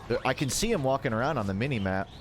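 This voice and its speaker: A man's voice: medium pitch, expressive, racing, a little hiss or hum. A man from Georgia in the United States with a Midwestern American accent, chatting casually and jokingly while playing a game on a livestream. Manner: joking, rambling, self-mocking. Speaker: streamer. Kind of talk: casual gaming livestream commentary.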